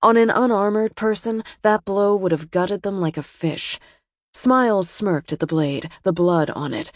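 A woman narrating a story aloud in a steady, measured way. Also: medium pitch, no room sound, clean studio sound. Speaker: audiobook narrator. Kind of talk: scripted narration.

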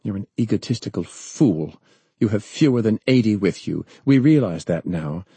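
A man's voice: on the low side, slightly rough, dry recording, voice pushed up. A man reading aloud, voicing a cold, commanding woman official who speaks sharply and imperiously. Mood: scornful. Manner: sharp, imperious, rising to a shriek.

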